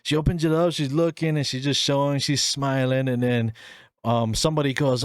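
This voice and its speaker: Young man, twenties, solo podcast host; chatty and animated, does voices in his stories, dry close mic. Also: medium pitch, normal speed, clear, resonant tone, no echo. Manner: animated storyteller, acts out voices in quotes, laughs often. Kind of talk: casual solo podcast storytelling.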